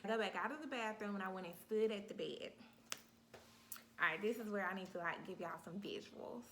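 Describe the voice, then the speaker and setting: A woman vlogger telling a story in a casual, animated way, talking straight to her viewers. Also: mid-range voice, fairly quick, slight background noise. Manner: animated, talks straight to viewers, acts out her own cries.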